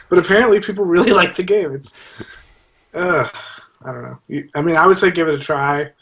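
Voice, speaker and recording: A man's voice: fairly high pitch, a little fast, gravelly, a bit bright. A man on a gaming podcast, talking in a rambling, hesitant way and restarting his sentences. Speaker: podcast co-host. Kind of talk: casual gaming chat.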